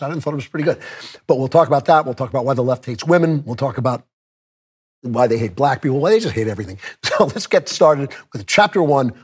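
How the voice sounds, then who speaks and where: A man hosting his commentary show with a hoarse, worn voice from a cold, talking conversationally with chuckles and joking asides. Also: mid-range voice, darkish tone. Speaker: podcast host. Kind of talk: opinion commentary monologue.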